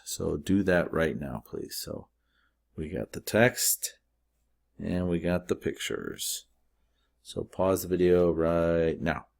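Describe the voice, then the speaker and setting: Deep-voiced man teaching math. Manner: steady explanatory, with frequent fillers. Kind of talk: recorded math lecture.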